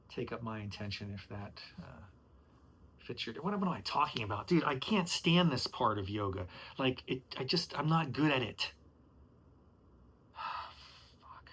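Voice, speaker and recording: A middle-aged man with a mid-range voice walks through yoga cues slowly, then drops into casual, self-mocking asides full of "man" and "dude." A faint room hum sits behind him. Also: medium pitch, a bit bright. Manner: switches between slow soothing instruction and frustrated asides; swears and says "man" and "dude". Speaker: podcast host rehearsing as yoga instructor. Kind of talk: solo podcast, rehearsing a chair yoga class.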